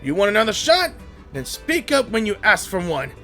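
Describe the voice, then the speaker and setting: A brash idol coach barks orders in a loud, lively voice, as a man puts him on. He is obsessed with muscles and drills his students like a sergeant. His delivery swings sharply in pitch. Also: moderate pace, faint music behind, exaggerated voice. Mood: fierce. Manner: barking, commanding declarations.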